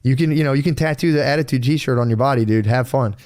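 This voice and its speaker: A man's voice: medium pitch, fast talker, a little mellow. Male podcast co-host, mid-range voice, casual and profane, rambles with lots of restarts. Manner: rambling, swears freely, quotes himself in other voices.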